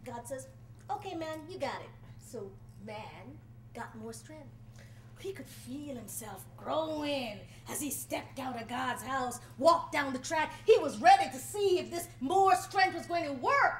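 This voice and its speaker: A woman's voice: high-pitched, unhurried, a little hiss or hum. A woman telling a folk tale aloud to a live audience, dramatic and playful, speaking straight to her listeners. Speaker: storyteller. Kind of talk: live folk storytelling performance. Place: college event before a live audience.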